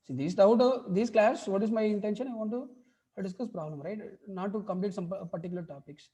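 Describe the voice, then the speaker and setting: A woman's voice: medium pitch, quick pace, mellow. A woman with an Indian English accent teaching a chemistry class online, repeating points and often checking whether students follow. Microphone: video call mic.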